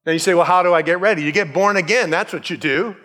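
A man's voice: sits high, quick pace, bright, forceful tone, long reverb tail. A male pastor preaching a sermon in a conversational way, with joking asides and acted-out quotes.

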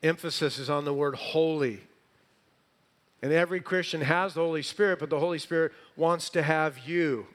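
Man preaching, fairly high voice, asks the crowd questions, loud then quiet. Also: moderate pace. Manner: call-and-response questions to congregation, dynamic swings between loud and soft. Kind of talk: sermon.

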